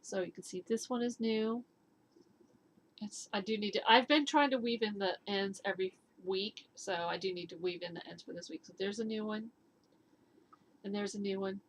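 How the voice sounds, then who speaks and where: A woman's voice: mid-range voice, moderate pace, a little hiss or hum. A woman hosting a knitting vlog from home, chatting casually and rambling with fillers and restarts. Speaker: knitting and fitness vlog host. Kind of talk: casual chatty show-and-tell. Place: at home indoors.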